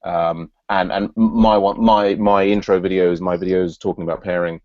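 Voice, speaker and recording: A man's voice: low-pitched, fairly even intonation, moderate pace, darkish tone, no echo, lo-fi sound. A man hosting an online work meeting, thinking aloud with frequent restarts and fillers. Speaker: meeting host. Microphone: video call.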